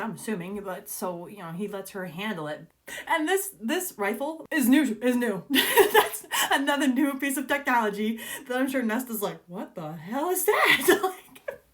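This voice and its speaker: A young woman reacting to a book as she reads, gushing and giggly, teary with excitement, exclaiming often. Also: mid-range voice. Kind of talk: excited reading reaction chat.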